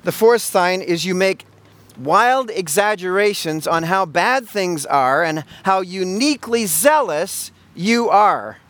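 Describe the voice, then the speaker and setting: High-voiced preacher asking emphatic questions. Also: male voice, lively intonation, takes it slowly, fairly bright tone. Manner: emphatic rhetorical questions with frequent word repeats. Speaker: pastor. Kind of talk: sermon.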